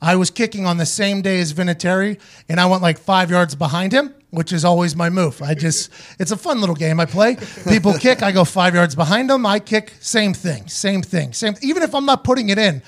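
With a high voice and fairly quick delivery, this male show host and ex-punter barely pauses. He chats casually on his podcast, telling profane, lively stories and performing the voices of the people he quotes.

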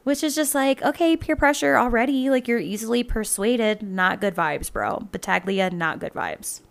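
Chatty woman hosting a casual podcast. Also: medium pitch. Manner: chatty and loose, heavy use of "like", laughs often. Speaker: podcast host. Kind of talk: casual true-crime podcast chat and case reading. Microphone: home laptop microphone.

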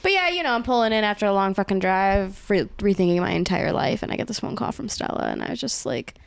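A woman's voice: medium pitch, sing-song, fast, creaky, clean tone, dry recording. A woman co-hosting a podcast in a studio, chatting casually with a teasing, foul-mouthed manner. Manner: teasing, swears freely. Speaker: podcast co-host.

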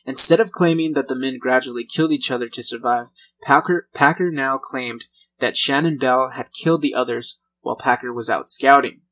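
A man's voice: mid-range voice, moderate pace, a bit bright, rough recording. Casual man narrating a true-crime history. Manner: conversational reading with light laughs and small restarts.

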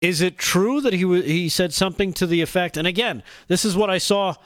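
A man hosting a casual political talk show, talking in halting starts with many restarts. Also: high-pitched, a bit bright, no room sound, studio quality.

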